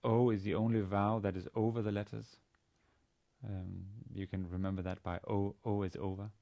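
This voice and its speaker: A man lecturing on a language lesson, speaking haltingly with many fillers and restarts. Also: lowish voice, little pitch movement, gravelly, mellow. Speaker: university lecturer.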